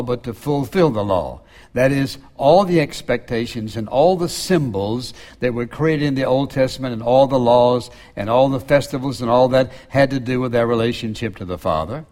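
A man preaches in a relaxed, conversational way, his voice sitting at an ordinary middle pitch. When he quotes scripture, he sinks into a soft, low delivery. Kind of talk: sermon.

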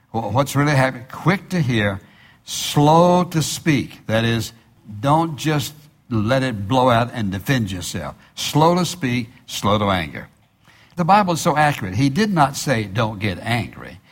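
A man preaching a sermon as a pastor. He slows down to stress key phrases, repeats them, and asks the listeners questions that he answers himself. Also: mid-range voice, very animated.

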